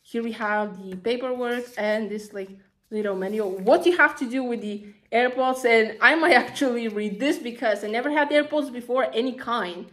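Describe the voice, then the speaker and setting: A woman talking casually through an unboxing, excitable and chatty, gushing over each item with lots of fillers. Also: fairly high pitch, normal speed. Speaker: vlogger.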